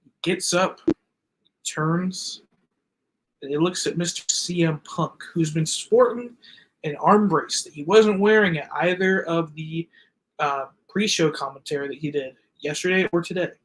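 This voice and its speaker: A man with a somewhat high voice talks through a wrestling match on a casual podcast. He is an enthusiastic fan and checks his notes as he recaps the action. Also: unhurried, poor audio. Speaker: podcast co-host.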